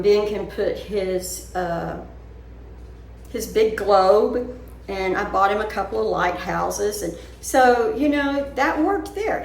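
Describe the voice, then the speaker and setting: An older woman talks casually to her viewers and wanders from one worry to the next. She speaks slowly, and her voice rings in a roomy living room with faint noise underneath. Her pitch sits in an ordinary middle range. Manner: chatty, rambling, talks her worries through. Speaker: vlogger. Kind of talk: casual chat.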